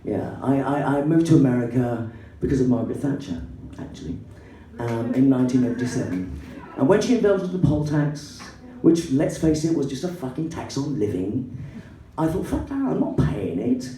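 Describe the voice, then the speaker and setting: An English woman doing stand-up comedy, an excitable, swearing storyteller who acts out the people in her story. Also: moderate pace. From England. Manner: excitable, swearing, acting out characters in shrill put-on voices. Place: comedy club stage. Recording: roomy hall, voice from a distance, faint background noise.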